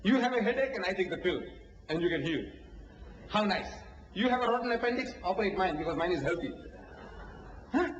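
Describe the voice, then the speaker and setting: A male preacher with a high voice delivers a lively religious lecture, firing off rhetorical questions and acting out little dialogues. The sound is an old lo-fi tape with a long, roomy hall echo and a faint hiss underneath. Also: a little fast, pauses often. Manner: rhetorical, acts out dialogues, laughs often. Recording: echoey hall, dull lo-fi archive tape.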